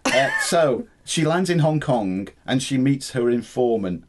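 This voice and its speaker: A man's voice: medium pitch, lively intonation, measured pace. A man co-hosting a podcast, recapping a film in casual chat with a dry, wry manner. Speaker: podcast co-host.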